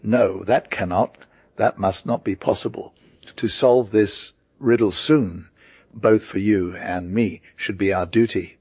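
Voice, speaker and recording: A man's voice: fairly low pitch, steady tone, unhurried, a little mellow, husky, no room sound. A man voicing an earnest, composed young merchant in an audiobook, speaking intensely and measuredly. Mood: firm. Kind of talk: audiobook character reading.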